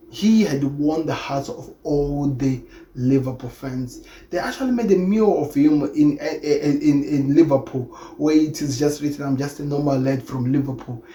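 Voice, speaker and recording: A man hosting a football talk channel, speaking earnestly and with emphasis, circling back to repeat his points. His voice is dark and mellow. The room is echoey, with a faint hum of ambient noise behind him. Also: medium pitch. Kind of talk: opinion commentary monologue.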